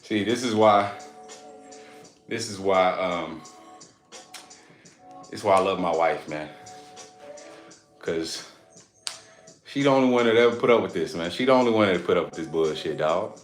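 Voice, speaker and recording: A man's voice: deep voice, animated, moderate pace, long pauses, roomy sound, soft background music. A man in his thirties hosting a live stream in a casual, rambling, playful way, laughing often between his words.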